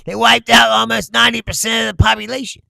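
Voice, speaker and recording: A man's voice: very high voice, little pitch movement, fast talker, creaky, pushed and bright, no echo, clean studio sound. An American man hosting a casual political livestream, reading chat comments aloud, swearing freely and laughing often. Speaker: livestream host.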